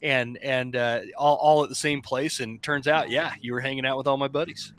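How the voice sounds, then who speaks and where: Bright-voiced chatty podcast host. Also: male voice, medium pitch, fairly even intonation, moderate pace, slight background noise. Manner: affable, chatty, says "man" a lot. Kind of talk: casual podcast conversation. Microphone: remote call.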